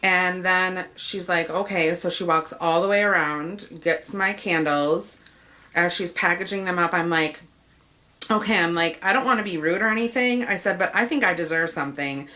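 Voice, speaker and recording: Bright-voiced woman recounting a frustrating errand. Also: fairly low pitch, moderate pace. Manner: acts out the dialogue, quoting herself and the clerks. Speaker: customer telling a story. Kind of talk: casual storytelling rant.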